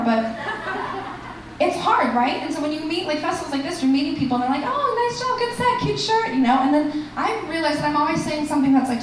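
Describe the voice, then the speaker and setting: A woman performing a stand-up comedy set and hosting the show, animated and shouting her punchlines in high bursts. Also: distant mic, a little hiss or hum. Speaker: stand-up comic and festival host. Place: comedy club stage. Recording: echoey room picked up from afar.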